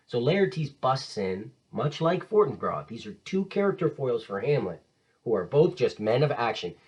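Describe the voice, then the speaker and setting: A husky-voiced man gives an animated literature lecture, his pitch rising and falling freely. He is enthusiastic and conversational, paraphrasing old verse in everyday slang. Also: moderate pace, muffled recording. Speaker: teacher.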